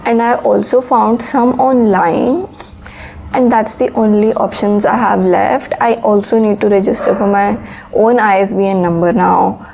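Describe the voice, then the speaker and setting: Young woman, casual vlog, rambling and candid, gravelly fry, soft mellow tone. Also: steady tone, unhurried, a little hiss or hum, poor audio. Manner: low-key and sleepy. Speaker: author and vlogger. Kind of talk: casual talking-to-camera vlog. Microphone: phone.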